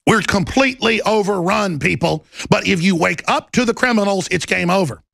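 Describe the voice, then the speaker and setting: A man hosting a talk show, delivering an impassioned, urgent monologue that bursts into shouting. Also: high voice, moderate pace, creaky, no echo.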